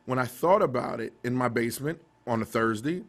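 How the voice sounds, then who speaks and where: Animated, laughing man telling stories. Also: mid-range voice, brisk. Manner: animated, laughing storyteller with many restarts. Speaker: TV station director, guest. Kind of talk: casual interview storytelling.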